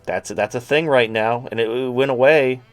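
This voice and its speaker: A man's voice: medium pitch, moderate pace, soft background music. A man hosting a livestream, talking in a crude, rambling, sarcastic way. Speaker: host. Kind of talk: casual livestream talk.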